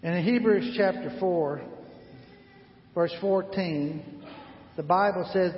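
A man in his sixties preaches, his voice pitched high for a man. He leads the congregation in call-and-response and builds his stories with rising emphasis. The recording is dull and washed in long hall reverb. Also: slow, long pauses. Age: 60s. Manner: call-and-response, leading the congregation in repeated phrases. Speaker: pastor. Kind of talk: sermon. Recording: roomy hall reverb, slightly dull sound.

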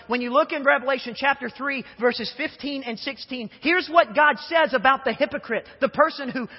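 A young male preacher with a high, husky voice delivers a sermon full of humorous, animated stories, often repeating his words as he goes. He's recorded in an echoey church sanctuary, and the sound comes across dull and muffled.

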